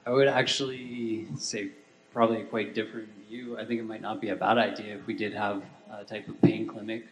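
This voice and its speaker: A man on a conference panel, giving a calm opposing view. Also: lowish voice, fairly quick, slight background noise, rough recording. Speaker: panelist, health professional. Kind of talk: panel discussion.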